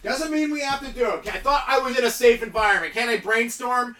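A man hosting a comedy podcast, riffing in a rambling monologue and chuckling at his own jokes, in a cold room kept warm by a wood fire. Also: very high voice, brisk.

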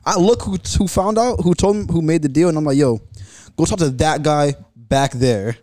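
A man's voice: fairly high pitch, moderate pace, mellow, dry recording, studio quality. A man hosting a podcast in casual chat, ranting bluntly and swearing freely. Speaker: podcast host.

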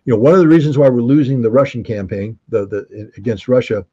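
A man's voice: medium pitch, quick pace, warm tone, breathy edge, highs cut off. A man giving casual political commentary, emphatic and full of rhetorical questions, often restarting his sentences. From United States.

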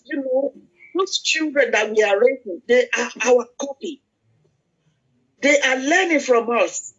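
An older woman preaches in a plain, storytelling way, leading her listeners toward prayer. Her voice is husky, and she stumbles and restarts as she talks. The recording sounds dull and lo-fi. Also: on the high side. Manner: storytelling, halting with fillers and restarts. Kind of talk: conversational sermon with prayer. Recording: muffled lo-fi recording.

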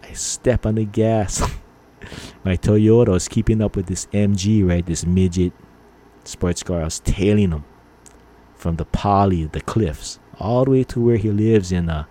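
A middle-aged man from Hawaii tells stories in a loose monologue. He rambles with fillers and punches out angry quoted lines. His voice sits low and sounds soft and dark. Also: measured pace. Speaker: podcast host. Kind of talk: casual storytelling monologue.

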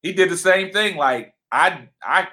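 A man with a deep voice, loud and passionate, casually chatting as co-host of a livestream from his home. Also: expressive, normal speed.

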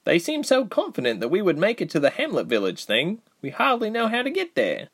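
A man voicing a fierce, fiery young woman in an audiobook, high and urgent. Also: huge pitch swings, fairly quick, fairly bright tone, slightly rough, exaggerated voice.

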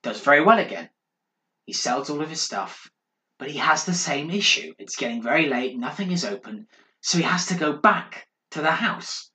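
Podcast guy telling a ghost story, hushed and dramatic, bright voice, echoey room. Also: a little high, expressive, moderate pace. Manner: dramatic, hushed, building suspense. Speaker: podcast co-host. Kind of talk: casual storytelling. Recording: roomy echo.

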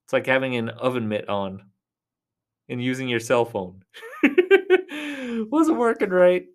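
A man hosting a casual solo podcast, rambling and chatty, talking straight to his listeners in a reassuring way, often dropping to soft near-whispers. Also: mid-range voice, big pitch swings, unhurried, clear, resonant tone. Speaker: podcast host.

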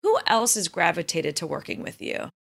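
A woman's voice: lowish voice, huge pitch swings, moderate pace, vocal fry, fairly bright tone, husky. A woman doctor hosting an interview podcast, talking effusively and retelling stories with animation. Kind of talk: conversational interview.

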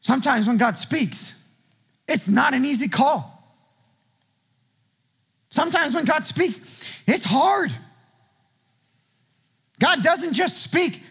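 A man preaching a sermon as pastor, impassioned, often shouting in a sing-song way. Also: very high-pitched, big pitch swings, measured pace, gravelly, pauses often.

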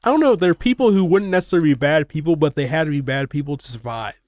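A man's voice: a little high, fast talker, a little mellow, no room sound. A man co-hosting a casual film podcast, rambling and restarting sentences, swearing casually. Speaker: podcast co-host.

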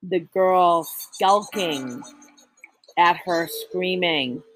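A woman reading a spooky story aloud in a slow, deliberate way, with small slips and restarts. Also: fairly low pitch, fairly bright tone. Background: faint music.

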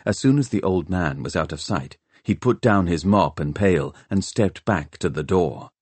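Low-voiced guy reading an audiobook, lively expressive delivery, dry close sound. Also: moderate pace, husky, no echo. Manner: expressive storytelling. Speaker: audiobook narrator. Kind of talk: scripted narration.

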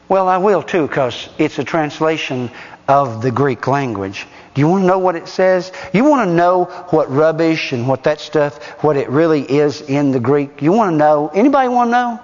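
High, lively male preacher in a hall. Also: normal speed. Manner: emphatic, pelting the congregation with rhetorical questions. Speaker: pastor. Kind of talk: sermon. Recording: dull recording with long hall reverb.

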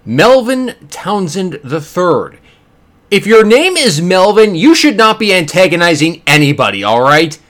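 A man hosting a podcast, giving sarcastic, animated commentary with quick character bits. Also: high voice. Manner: sarcastic, animated, does voices. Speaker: podcast host. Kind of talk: casual commentary.

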